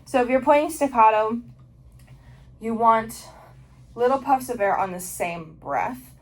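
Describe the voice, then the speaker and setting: A woman's voice: fairly high pitch, unhurried, poor audio. Young woman casually teaching oboe technique. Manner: casual explaining with frequent ums and likes. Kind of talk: instructional video lesson.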